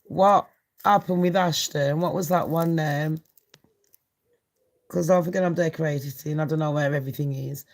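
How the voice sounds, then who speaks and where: A woman's voice: low-pitched, steady tone, normal speed. A brash woman chats through celebrity gossip for her channel. She swears freely and laughs often, with a loose, casual delivery.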